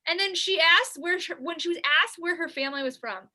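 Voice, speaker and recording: A woman with a high, bright, ringing voice co-hosts a comedy podcast from the New York area. She rambles in loose, casual chat, packing in "like"s and cursing freely. It sounds like a remote call recording. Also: a little fast. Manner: rambling, lots of filler "like", swearing. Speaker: podcast co-host. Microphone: remote call setup.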